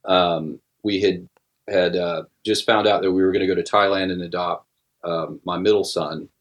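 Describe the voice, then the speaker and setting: A middle-aged man telling a personal story in casual podcast talk, halting with many restarts and fillers. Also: sits low, fairly even intonation. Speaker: guest musician.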